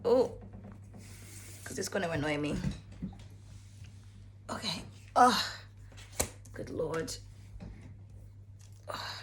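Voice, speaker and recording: A woman's voice: sits low, animated, very slow, pauses often, background noise. A woman giving a casual tarot reading to camera, chatty and frank, cursing freely and calling the viewer darling. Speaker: tarot card reader.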